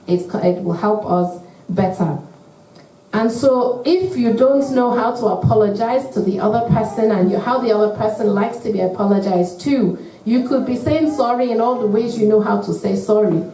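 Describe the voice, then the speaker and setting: Woman, church speaker, mellow voice, earnest measured teaching, echoey hall, a bit distant from the mic. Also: medium pitch, slight background noise. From United Kingdom. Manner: earnest, measured teaching with acted-out example phrases. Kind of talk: church talk to couples.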